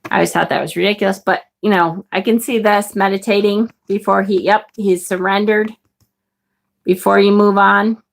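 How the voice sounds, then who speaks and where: With a medium-pitched voice, fairly even intonation, and some vocal fry, a tarot livestream host talks at normal speed. She's chatty and excited, swearing casually as she reads comments from her viewers.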